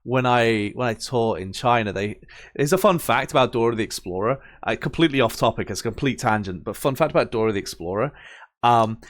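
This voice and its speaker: A young gamer reads and comments on a game in casual let's-play style, drifting off on tangents and using plenty of fillers. His voice is mid-range and his pace fairly quick.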